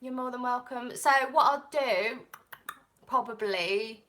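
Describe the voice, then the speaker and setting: Woman with an English accent, tarot reader on a live stream, rambling chat, fairly high, crisp bright tone. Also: unhurried. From England. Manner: rambling, goes off on tangents. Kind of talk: chatty live-stream talk.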